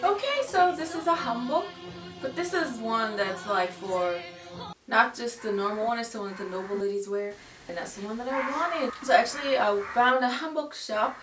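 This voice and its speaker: A young woman with a Georgia accent talks animatedly to her viewers in a casual home vlog. Her voice sits a little away from the mic in a roomy, echoing space, with music playing clearly behind her. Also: on the high side, moderate pace, recorded from a distance. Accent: Southern American, Georgia. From Georgia, USA. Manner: animated and chatty, talking straight to the viewer. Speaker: vlogger.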